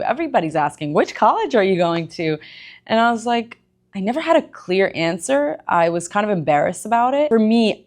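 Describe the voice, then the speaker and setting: A young woman from Egypt, a personal trainer, telling her life story in a casual, animated way and acting out quotes in a higher voice. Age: young adult. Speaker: personal trainer and gym owner.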